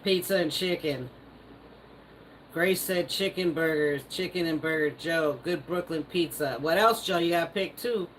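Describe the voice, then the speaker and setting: A woman's voice: low voice, moderate pace, slight background noise, poor audio. A woman hosting a live stream, casually reading viewer comments aloud and teasing them, laughing often. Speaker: livestream host.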